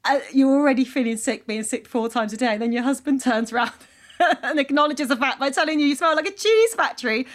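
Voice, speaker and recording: A woman's voice: high-pitched, fast talker. A woman co-hosting a podcast, chatting casually and laughing often. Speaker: podcast co-host. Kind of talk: casual chat.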